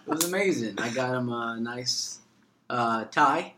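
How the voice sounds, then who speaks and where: A man's voice: medium pitch, lively intonation, unhurried, pushed and bright, a little hiss or hum. A man from Atlanta chatting as a podcast guest, laid-back and full of jokes. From Atlanta, Georgia, USA. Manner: playful, jokey, laid-back. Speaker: podcast guest, actor and comedian. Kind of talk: casual podcast chat.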